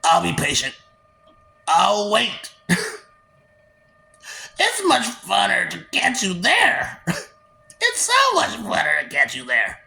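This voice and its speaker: A woman's voice: medium pitch, wildly swooping pitch, takes it slowly, vocal fry, long pauses, pushed and bright. A woman delivering a confrontational monologue in a taunting, mocking, preachy way.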